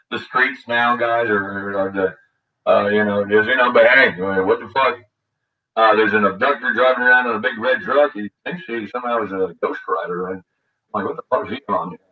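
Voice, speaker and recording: A man's voice: lowish voice, normal speed, far from the mic. An older man hosting a show in a rambling, crude monologue, full of fillers and restarts. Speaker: radio show host. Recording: dull lo-fi audio, voice set back from the mic.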